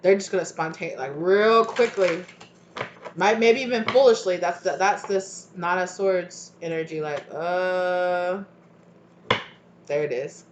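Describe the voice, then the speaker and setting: A woman's voice: fairly low pitch, a little slow, roomy sound, background noise. Chatty woman giving a tarot reading. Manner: chatty, trails off and restarts mid-thought. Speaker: tarot reader.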